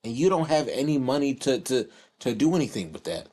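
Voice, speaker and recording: A man's voice: medium pitch, very animated, a little fast, darkish tone. A man streaming his reactions to videos, blunt, crude and mocking. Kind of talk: profane reaction commentary.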